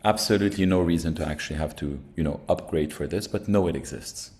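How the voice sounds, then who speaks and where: A man with a lowish voice co-hosts an online workshop. He is upbeat and jokey as he tells participants what to do next. He speaks into a computer mic on a video call. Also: quick pace, a little mellow. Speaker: workshop co-host.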